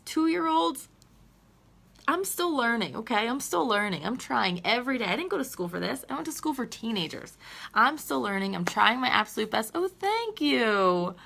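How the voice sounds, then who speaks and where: Earnest mom with a gravelly, bright voice. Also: female voice, on the high side. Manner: earnest, laughing through tears. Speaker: teacher and mom livestreaming. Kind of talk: emotional live video chat. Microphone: phone on a live stream.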